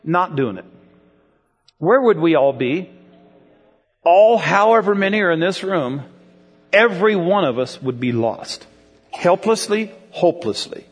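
A man's voice: high voice, lively intonation, a little slow, breathy edge, long reverb tail. A man preaching a sermon in a conversational way, asking his congregation questions and drawing them in. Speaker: pastor. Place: church with congregation.

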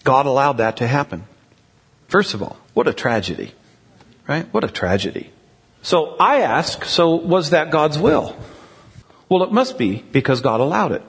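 Husky preacher in a reverberant hall. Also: male voice, fairly high pitch, sing-song, moderate pace, long pauses. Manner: conversational, asks the crowd questions. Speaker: pastor. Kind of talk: sermon.

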